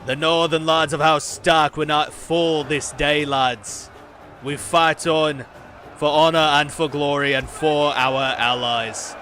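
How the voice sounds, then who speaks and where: Streamer putting on a northern lord, put-on northern accent, loud rousing battle calls, somewhat raised voice, noisy background. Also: male voice, fairly high pitch, little pitch movement, slow pace. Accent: put-on northern English. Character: gruff northern lord leading men in a siege.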